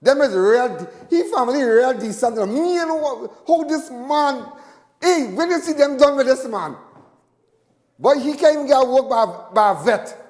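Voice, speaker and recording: High-voiced Trinidadian man ranting live. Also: normal speed, in a large hall. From Trinidad and Tobago. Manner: animated, repetitive, laughs often. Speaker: talk show host. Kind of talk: rambling live commentary.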